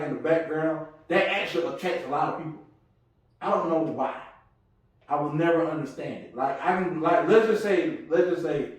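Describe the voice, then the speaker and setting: A young man telling stories in a casual podcast chat, acting out other people's voices as he goes. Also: on the high side. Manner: animated, acts out voices in his stories. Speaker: podcast co-host. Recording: echoey room, mic at a distance.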